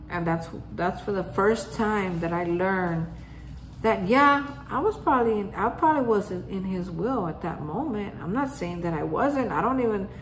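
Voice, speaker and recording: A woman's voice: mid-range voice, slight background noise. A woman hosting a daily reflection, telling a personal story in a casual way and acting out remembered conversations. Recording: roomy echo.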